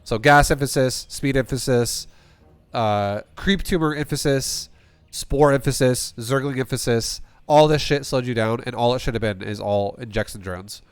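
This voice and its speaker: A man's voice: mid-range voice, moderate pace, smooth, dry recording. A man coaching a player through a game replay, blunt and rambling, swearing often and restarting sentences. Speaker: StarCraft coach. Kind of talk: casual replay coaching with profanity.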